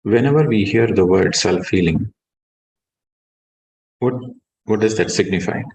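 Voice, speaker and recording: Calm low-voiced meditation teacher. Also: male voice, gravelly, rough recording. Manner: calm, measured, stresses key words. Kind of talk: guided meditation and spiritual talk.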